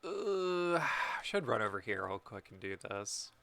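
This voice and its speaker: A man's voice: fairly low pitch, big pitch swings, measured pace, sharp tone. Jokey man streaming a game. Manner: jokey, chatty, laughs often. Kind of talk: casual game commentary.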